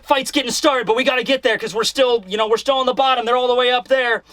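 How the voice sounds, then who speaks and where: A man's voice: very high-pitched, steady tone, quick pace, a bit bright, no echo, pitched above the performer's own voice. A man voicing an eager young pirate captain who talks in an upbeat, urging way.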